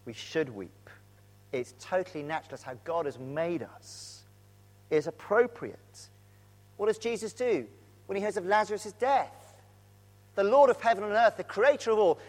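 A man preaching with an earnest, animated delivery, now and then sinking to a near hush. His voice sits high for a man. It rings with the long reverb of a church hall. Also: unhurried, long pauses. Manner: earnest, animated storytelling with sudden drops to a hush. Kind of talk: sermon.

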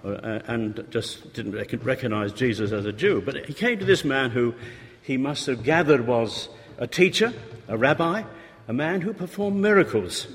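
In a reverberant hall with slight background noise, a preacher talks conversationally, asking rhetorical questions and occasionally acting out pleading voices. His mid-range voice is animated and fairly bright, at normal speed.

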